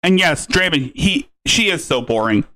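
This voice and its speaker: A man's voice: a little high, expressive, moderate pace, pushed and bright. A man commenting scornfully on a clip during a live stream, swearing as he talks.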